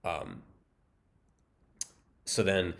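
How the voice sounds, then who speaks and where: Low-voiced man, rambling deadpan recap. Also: drawn-out words, gravelly. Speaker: movie recap host. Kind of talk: casual comedic film recap.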